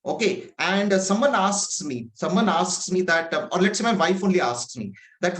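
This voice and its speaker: Male agile coach from India, conversational trainer with a higher voice, echoey call audio. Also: lively intonation, moderate pace, fairly bright tone. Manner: conversational, many fillers, rhetorical questions. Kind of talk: online training session. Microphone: video call.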